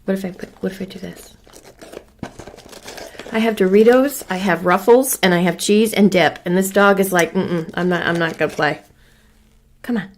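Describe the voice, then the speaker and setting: A woman's voice: mid-range voice, moderate pace, long pauses, a little hiss or hum. A woman hosting her own true crime channel, chatting casually and rambling to viewers while fussing over her dog.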